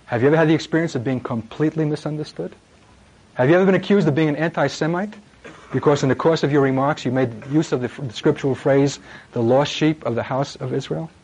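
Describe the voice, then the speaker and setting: A middle-aged man delivers a fervent sermon with a slightly high voice. He swings between pressing emphasis and hushed, low endings, dramatic throughout. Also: dull audio. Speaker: preacher.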